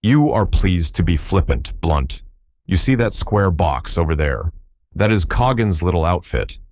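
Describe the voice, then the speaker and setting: A man's voice: low-pitched, animated, a little slow, darkish tone, no echo. A man voicing a sneering, menacing foreign spy villain in an audiobook. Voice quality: silky, menacing.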